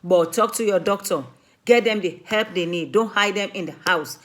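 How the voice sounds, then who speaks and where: A woman's voice: medium pitch, normal speed, fairly bright tone. A woman from Africa, a mother and community speaker, giving an earnest, emphatic talk that pleads with her listeners and repeats her main points.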